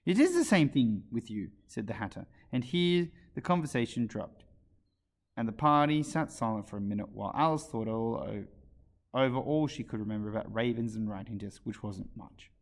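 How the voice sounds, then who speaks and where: A man reading a children's book aloud as a storyteller, with an expressive narration. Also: fairly low pitch, moderate pace. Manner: expressive, animated read-aloud.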